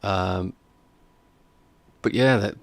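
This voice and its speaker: Skeptical low-voiced man. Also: drawn-out words, creaky. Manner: chatty, skeptical, reads viewer comments. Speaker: reaction video host. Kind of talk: casual live commentary.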